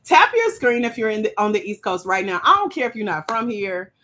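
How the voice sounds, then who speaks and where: Bright, hyped Southern woman hosting a live. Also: mid-range voice, fairly quick. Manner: playful, teasing, animated, calls out to the audience. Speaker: livestream host and grant mentor. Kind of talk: hyped livestream chat with viewers.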